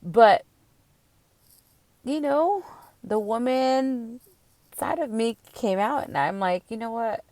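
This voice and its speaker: A woman's voice: a little high, lively intonation, slow, long pauses, a little mellow, no room sound. A tipsy woman hosting her own podcast, ranting bluntly and swearing freely in a casual solo monologue. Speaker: podcast host.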